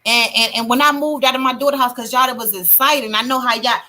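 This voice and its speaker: A middle-aged woman hosting a livestream, telling her testimony in a casual, animated way and greeting chat viewers. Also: a little high, fast talker. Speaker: livestream host.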